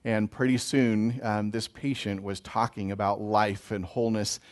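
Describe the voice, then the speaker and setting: A man giving a gentle, emotional pastoral talk on blessing, speaking to listeners as a chaplain. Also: lowish voice, level tone, normal speed. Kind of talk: reflective spiritual talk.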